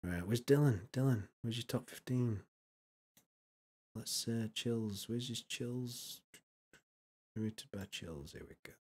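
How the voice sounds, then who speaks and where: A man's voice: medium pitch, slow pace, pauses often, darkish tone, slightly rough. A man with a Yorkshire accent giving casual, blunt, sweary commentary while reacting to videos on a stream. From Yorkshire, England. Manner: blunt, sweary, joking asides.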